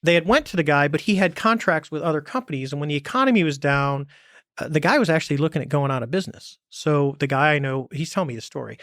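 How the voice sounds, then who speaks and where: A man's voice: on the high side, quick pace, no room sound, clean studio sound. A man, a former navy pilot as podcast guest, talking casually and bluntly, acting out quoted dialogue as he tells stories. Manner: animated storytelling, acts out quoted dialogue. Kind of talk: casual conversation.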